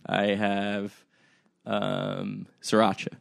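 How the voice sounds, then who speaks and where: A young man with a lowish voice tells a story in casual podcast chat, loose and rambling, full of "like" and "um" as he pokes fun at himself. The sound is dry and close, with no room echo. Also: monotone, very slow, gravelly. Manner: rambling, full of "like" and "um", self-deprecating. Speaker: podcast co-host.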